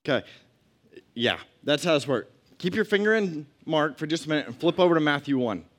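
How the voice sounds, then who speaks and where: A man's voice: a little high, expressive, fairly quick, a bit bright. A man teaching a Bible lesson to a group in a conversational way, reading scripture and adding asides and questions.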